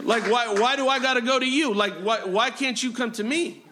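A man's voice: very high voice, moderate pace, background noise. A man preaching a sermon as pastor, driving his points with repeated phrases and frequent amens and hallelujahs. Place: church sanctuary.

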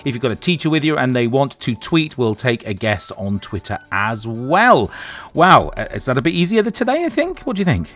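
Brief: upbeat male radio co-host with a lively, bouncing delivery, playful and teasing. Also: medium pitch, a little fast. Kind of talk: live radio presenting.

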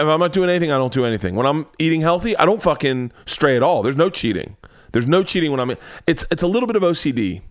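A man's voice: mid-range voice, no room sound, clean studio sound. A man, a comedian and podcast host, rambling through stories in a loose, profane monologue with lots of self-interruptions. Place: home man cave.

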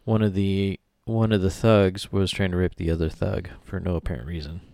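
A man's voice: low voice, steady tone, normal speed, a little mellow, no echo. A man co-hosting a podcast, reading news stories aloud and joking between them in casual chat. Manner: jokey, reads headlines aloud with asides. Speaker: podcast co-host.

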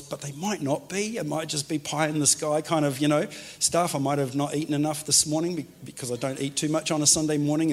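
A man, a pastor giving a chatty, joking sermon and speaking directly to his congregation. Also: medium pitch. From New Zealand. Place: church hall with congregation.

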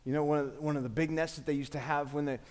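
A man's voice: on the high side, fairly even intonation, racing, darkish tone. A man in his forties, a pastor delivering a conversational sermon in a church with call-and-response. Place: church sanctuary.

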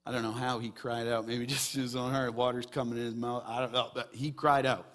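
A man preaching a sermon as pastor, animated, swinging between raised emphasis and quiet, earnest stretches. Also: medium pitch, a little fast.

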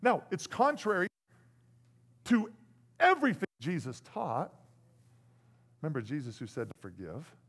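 A man preaching a sermon, animated, swinging between loud bursts and hushed lines and acting out what people say. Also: fairly high pitch, measured pace, long pauses, husky. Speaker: pastor.

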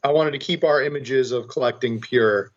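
A man co-hosting a casual podcast, rambling in a wry way with plenty of fillers. His voice has a middling pitch for a man, and the recording sounds a bit dull and lo-fi. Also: moderate pace. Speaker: podcast co-host.

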